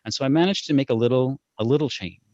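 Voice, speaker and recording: A man's voice: medium pitch, fast talker, no room sound. A man working as a parenting coach, talking earnestly in an interview and acting out his own inner voice as he tells stories. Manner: earnest, animated storytelling with acted-out inner voice. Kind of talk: conversational interview. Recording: dull lo-fi dry sound.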